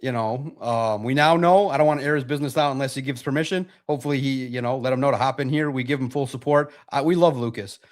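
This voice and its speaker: A middle-aged man hosting a casual sports livestream, answering chat questions in a rambling way and often repeating himself as he thinks out loud. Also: medium pitch, fairly even intonation, quick pace, few pauses. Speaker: sports podcast host reading chat questions.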